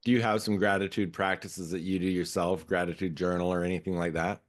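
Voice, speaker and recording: Man, deep voice, podcast host, encouraging questions, a bit rambling. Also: flat delivery, brisk. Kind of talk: interview questions.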